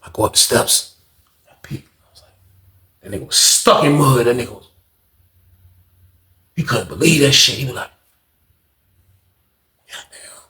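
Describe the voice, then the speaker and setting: A man's voice: medium pitch, normal speed, creaky, long pauses, reverberant. A man telling a prison story in casual, profane storytime style, acting out what others said. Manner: animated, profane, acts out other people's lines. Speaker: storyteller, channel host.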